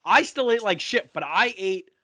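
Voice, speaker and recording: A man's voice: sits high, expressive, normal speed, sharp tone, no room sound. A young man co-hosting a podcast in casual chat, teasing his friends and laughing a lot. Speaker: podcast co-host.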